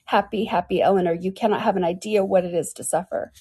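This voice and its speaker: A woman's voice: on the low side, steady tone, quick pace, mellow, breathy edge. A woman reading an audiobook and voicing an anguished, heartbroken young woman who pleads in wild outbursts. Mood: desperate.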